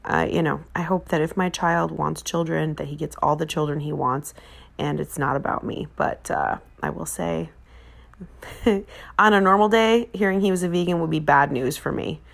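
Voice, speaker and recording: A woman's voice: low voice, moderate pace, vocal fry. A woman, chatting on her podcast in a rambling way, full of fillers and self-corrections. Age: 40s. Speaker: podcast host. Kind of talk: casual chat.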